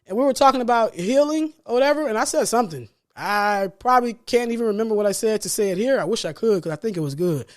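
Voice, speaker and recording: A man's voice: high-pitched, expressive, quick pace, few pauses. A man hosting a solo podcast as a life coach, talking earnestly and preachily about healing, repeating key phrases for emphasis and laughing lightly between points. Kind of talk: solo motivational podcast monologue.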